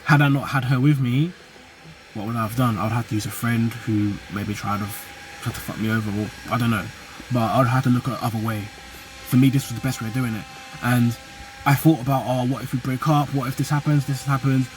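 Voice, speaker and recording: A man's voice: mid-range voice, fairly even intonation, fairly quick, a little hiss or hum. A young man from the UK and Nigeria, talking casually and animatedly to camera in street slang. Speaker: vlogger. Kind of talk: casual vlog monologue.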